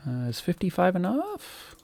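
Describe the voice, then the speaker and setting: A man's voice: high voice, wildly swooping pitch, measured pace, gravelly, darkish tone. Man muttering through a game stream. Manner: thinking aloud, muttering to himself. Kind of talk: casual gameplay commentary.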